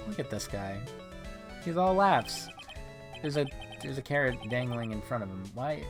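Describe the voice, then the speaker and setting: Animated joking man playing a game. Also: medium pitch, moderate pace, music in the background. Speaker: streamer. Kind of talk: let's play commentary.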